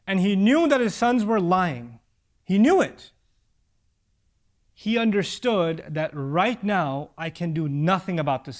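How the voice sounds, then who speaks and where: A man with a notably high voice preaches about parenting, earnest and direct. He drives his points home by repeating key lines and recites Arabic verses at speed. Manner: recites Arabic scripture quickly. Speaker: Islamic preacher. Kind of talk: religious talk on parenting.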